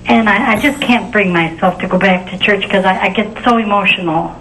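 A woman's voice: medium pitch, a little fast, fairly bright tone, a little hiss or hum, low-quality recording. A woman calling in to a religious program. She speaks hesitantly and stammers, repeating her words. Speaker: caller. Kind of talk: phone-in conversation.

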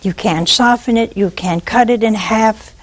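A woman preaching a sermon, animated and full of rhetorical questions to her listeners. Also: on the high side, unhurried.

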